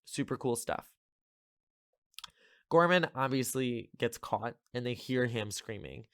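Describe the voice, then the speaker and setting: This is a man at a middle pitch hosting a podcast, talking through a film's plot in a loose, meandering way. He leans on fillers and drops sarcastic little jabs as he goes. The sound is close and dry. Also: animated, slow pace, a bit bright, no room sound. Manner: rambling, filler-heavy, sarcastic asides. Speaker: podcast host. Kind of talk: casual film recap.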